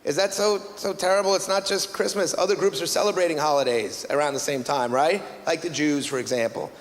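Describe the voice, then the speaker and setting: A man's voice: a little high, a little fast. A man performing a stand-up comedy routine on stage, telling stories with wry exasperation. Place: stage in a club or hall. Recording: reverberant hall, noisy ambience.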